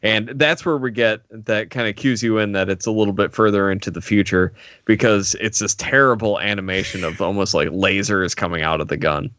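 A laid-back man recapping a TV episode in a casual podcast chat. His voice is low, and the recording is dry and a little dull and lo-fi. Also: brisk, fairly bright tone, dry recording. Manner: laid-back, laughs often. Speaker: podcast co-host.

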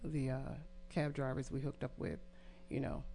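A woman's voice: rumbling low, expressive, normal speed, vocal fry, dark tone, soft background music. A woman guest on a casual podcast chat, telling travel stories and laughing often.

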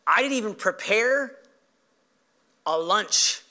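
A man preaching a sermon as pastor, earnest and conversational, often checking in with the congregation with a quick tag question. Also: high-pitched, animated, bright, forceful tone.

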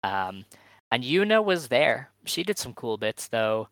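A man's voice: mid-range voice, big pitch swings, unhurried, a bit bright, no echo. A man co-hosting a wrestling podcast, chatting casually and giving opinionated run-downs of results. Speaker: podcast co-host. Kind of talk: casual chat.

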